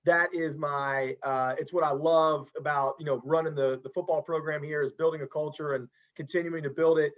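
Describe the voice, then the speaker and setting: Earnest male podcast host, slightly high voice. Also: steady tone, moderate pace, few pauses, lo-fi sound. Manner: earnest, encouraging, many restarts. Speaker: podcast host and football coach. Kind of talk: casual podcast interview.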